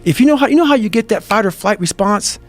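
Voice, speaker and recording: A man's voice: high-pitched, lively intonation, quick pace. A man telling intense motivational stories in an emphatic, profane, fiery manner. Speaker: guest. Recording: music bed under the voice.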